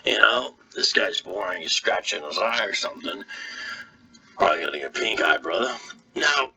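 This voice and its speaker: A man giving live reaction commentary on a video as a streamer, animated and quick to laugh, with preachy asides. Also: low voice, slightly rough, far from the mic, rough recording.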